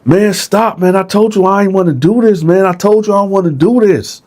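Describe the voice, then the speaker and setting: A man voicing a terrified young inmate, pleading high. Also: brisk, darkish tone, close to an everyday voice. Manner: pleading, frantic, repeats himself. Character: young male inmate being attacked, terrified.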